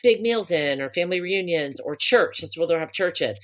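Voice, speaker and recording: A woman's voice: lowish voice, expressive, brisk. A woman co-hosting a podcast, chatting casually and telling a story with gushing enthusiasm. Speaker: podcast co-host. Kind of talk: casual chat.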